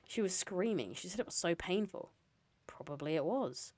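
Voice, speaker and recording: A woman's voice: lowish voice, expressive, normal speed, a little mellow, no echo, low-quality recording. A woman streamer reading a novel aloud, breaking off now and then for casual, sweary asides.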